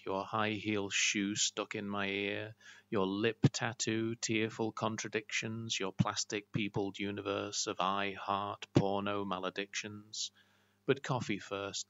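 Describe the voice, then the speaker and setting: A man performing a spoken word poetry reading in a measured, rhythmic recitation. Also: fairly low pitch, fairly bright tone. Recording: dull lo-fi recording with faint hum.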